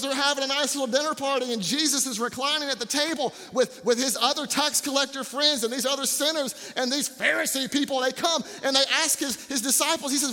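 High-voiced animated male preacher. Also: big-room sound. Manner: animated, jokey, repeats words for emphasis. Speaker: campus pastor. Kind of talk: sermon.

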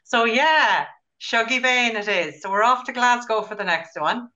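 Chatty woman host, bright and forceful, muffled recording. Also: fairly high pitch, expressive, moderate pace. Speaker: podcast host. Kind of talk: casual chat.

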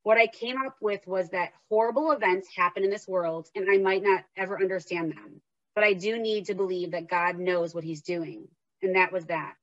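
A woman's voice: on the low side, fairly even intonation, normal speed, a bit bright, dry recording, muffled recording. A woman host talking candidly and heartfelt, then reading aloud from her own memoir. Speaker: podcast host and memoir author.

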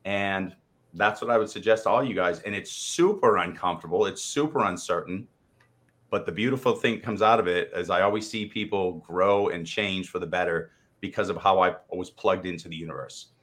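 A man co-hosting a live chat show, a motivational speaker telling animated stories and swearing freely. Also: low-pitched, fairly quick. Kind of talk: casual livestream chat.

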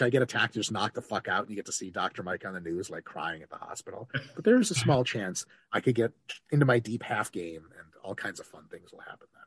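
Husky animated man telling stories. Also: lowish voice, no echo, studio quality. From Russia. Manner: animated storyteller, swears freely, laughs mid-story. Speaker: guest. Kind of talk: casual podcast chat.

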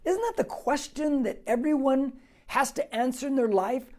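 A male pastor works through a Bible passage verse by verse, emphatic and animated, asking rhetorical questions and swinging from quiet asides to loud, stressed points. His voice is extremely high, and he speaks at normal speed.

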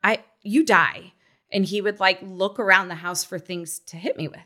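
Thirties woman guest, chatty and animated, acts out quotes, bright edge. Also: fairly low pitch, a little fast. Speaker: guest, mother. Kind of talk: casual chat, personal story.

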